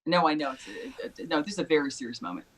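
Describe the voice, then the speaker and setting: A woman's voice: sits low, very fast, breathy edge, rough recording. Earnest woman singer giving advice. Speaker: singer-songwriter guest. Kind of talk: casual video interview.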